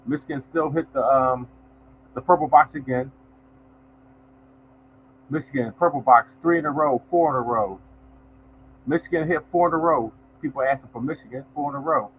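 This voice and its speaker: A man's voice: medium pitch, moderate pace, pauses often, a little hiss or hum, rough recording. A man hosting a lottery numbers show, chatting loosely to viewers and reading out numbers. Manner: loose, conversational, reads out numbers, addresses viewers as y'all. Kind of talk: casual livestream chat to viewers.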